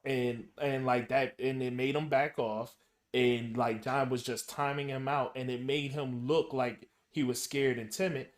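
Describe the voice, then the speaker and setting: A man hosting a podcast in casual chat, halting and restarting as he builds his questions. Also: mid-range voice, fairly even intonation. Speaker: podcast host.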